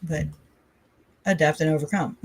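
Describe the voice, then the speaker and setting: A woman's voice: deep voice, measured pace, a little mellow, slightly rough, no echo. Chatty, rambling woman, dry close sound. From Southern United States. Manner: rambling, chatty, laughs often between thoughts. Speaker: livestream host. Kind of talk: casual livestream chat.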